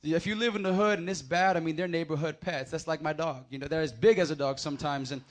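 A man preaching a sermon, swinging from loud emphatic scripture readings to quiet, casual storytelling. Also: fairly even intonation, fast talker. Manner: builds to loud emphatic proclamations, then drops low for anecdotes.

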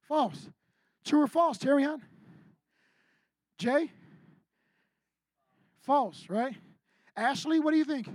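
High-voiced, slangy young male preacher. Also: darkish tone, no echo, studio quality. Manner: slangy, direct preaching with acted-out quotes. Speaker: youth pastor. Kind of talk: sermon. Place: church youth service before a live group.

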